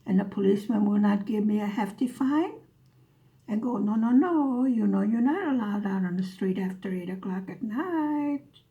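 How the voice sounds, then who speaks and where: A woman's voice: medium pitch, expressive, moderate pace, warm tone. A woman vlogger telling a story in a dry, sarcastic way as she chats over her craft. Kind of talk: casual storytelling while diamond painting.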